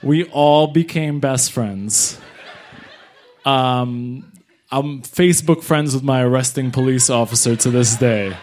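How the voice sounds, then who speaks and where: Young male comic, animated storyteller, acts out the voices in quick bursts, live crowd. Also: mid-range voice, slight background noise. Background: audience laughter.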